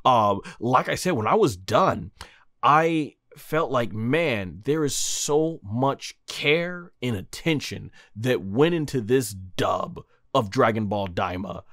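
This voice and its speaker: A man's voice: mid-range voice, lively intonation, slow, fairly bright tone, dry recording, clean studio sound. A man hosting an anime review, talking casually and enthusiastically with lots of fillers. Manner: enthusiastic, rambling with many fillers. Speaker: anime review channel host.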